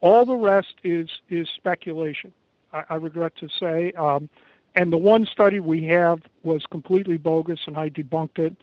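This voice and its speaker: An American man giving a halting, emphatic interview over an internet call, pausing often. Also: a little high, no room sound. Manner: halting, emphatic, many pauses. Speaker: interview guest. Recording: dull lo-fi internet call audio.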